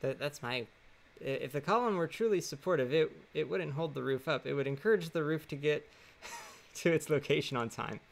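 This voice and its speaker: A man's voice: fairly high pitch, moderate pace, gravelly. A man cracking wry jokes while co-playing a game on a stream. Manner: joking, wry quips with laughs. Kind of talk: casual game stream chat.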